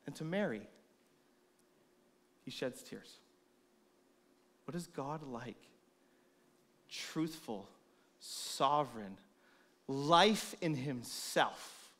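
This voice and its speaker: A man preaching a sermon in a church, expressive, moving between loud emphasis and soft, hushed lines. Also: medium pitch, slow, long pauses. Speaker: pastor.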